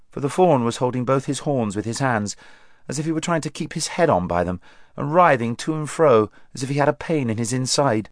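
Man reading a storybook aloud, lively pitch, dry close mic. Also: a little fast, no room sound. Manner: expressive, varied voices. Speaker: audiobook narrator. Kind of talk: storybook narration.

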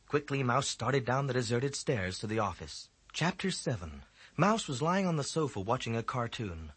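A man with a husky voice narrating a children's book aloud, reading expressively. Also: mid-range voice, sing-song, moderate pace, fairly bright tone, no echo. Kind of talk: audiobook narration.

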